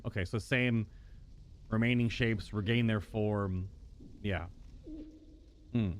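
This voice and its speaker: A man hosting a casual gameplay commentary, thinking out loud and bursting into exclamations. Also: on the low side, unhurried, long pauses, slight background noise. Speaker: gaming host.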